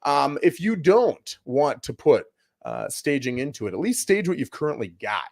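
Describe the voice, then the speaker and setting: A man's voice: fairly high pitch, moderate pace, gravelly. A man co-hosting a casual advice chat, sharing home-selling tips and acting out quotes from clients. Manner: animated, acts out client quotes. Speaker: real estate broker co-host.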